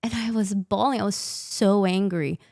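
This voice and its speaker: A woman's voice: mid-range voice, fairly even intonation, normal speed, creaky, a little mellow, no room sound, clean studio sound. A young adult woman, a maternity nurse guest on a podcast, candidly retelling her birth experience with emphatic quoted dialogue. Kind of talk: candid conversational storytelling.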